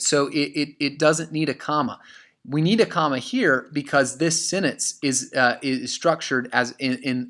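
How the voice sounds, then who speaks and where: A man's voice: medium pitch, fairly bright tone. A male English teacher in a recorded lesson, explaining essay writing with many fillers and restarts and reading quotations aloud punctuation and all. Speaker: high school English teacher. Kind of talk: recorded lesson walking through an essay example.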